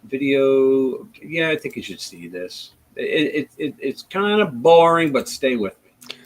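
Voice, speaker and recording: A man hosting a casual live stream, blunt and profane in his commentary. His voice rides a wide, animated range of pitch while he stumbles through restarts and retells events with energy. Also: a little slow, poor audio. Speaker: livestream host.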